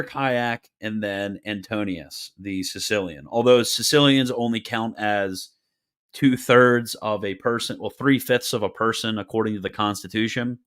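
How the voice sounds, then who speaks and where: A man's voice: lowish voice, fairly bright tone. A man casually hosting a livestream Q&A, reading viewer questions with wry, joking asides and frequent laughter.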